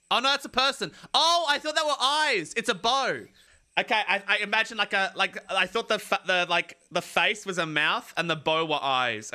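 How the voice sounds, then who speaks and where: A man casually commenting on a game he plays for the first time, rambling excitedly and laughing often. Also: high-pitched. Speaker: gameplay streamer. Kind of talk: casual let's-play commentary. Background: game music.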